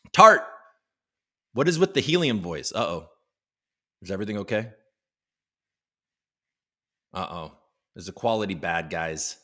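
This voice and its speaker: A man's voice: mid-range voice, pushed and bright. A man hosting a casual live stream, joking around and greeting viewers in the chat by name. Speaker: livestream show host.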